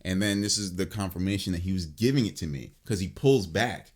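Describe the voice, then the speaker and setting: A man in his late twenties hosting a podcast, telling a long story in a casual, animated way, full of swearing and "like". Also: low voice, fairly quick, slightly rough. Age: late 20s. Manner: animated and profane, filled with "like" and restarts. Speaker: podcast host.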